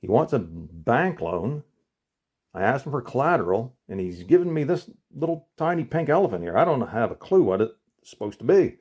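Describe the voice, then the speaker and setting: A man's voice: mid-range voice, big pitch swings, normal speed, a little mellow, slightly rough, voice pushed up. A man voicing a puzzled, polite female bank teller in a told joke.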